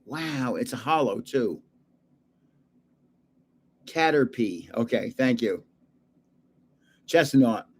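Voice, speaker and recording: His voice is husky and medium-pitched, expressive but slow, with frequent pauses. He's a man in his seventies hosting a relaxed livestream, rambling, laughing softly, and trailing off as he gropes for words.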